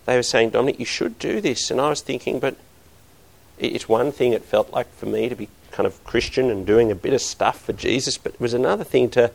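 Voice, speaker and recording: Aussie guy preaching a sermon, middle-aged, gravelly voice, earnest, gets loud and punchy. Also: mid-range voice, brisk. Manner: earnest, building to emphatic bursts.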